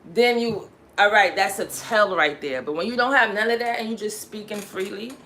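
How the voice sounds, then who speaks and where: A woman's voice: medium pitch, sharp tone, slight background noise. A woman with a New York accent, just out of bed, chatting casually and rambling on a livestream. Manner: rambling, chatty, drawn-out fillers. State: just woke up. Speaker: livestream host.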